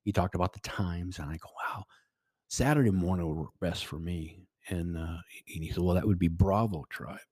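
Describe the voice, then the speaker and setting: A man's voice: deep voice, moderate pace, a little mellow, slightly rough, dry recording, clean studio sound. A middle-aged man telling a personal story as a podcast guest, rambling with restarts and quoted dialogue. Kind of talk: casual storytelling.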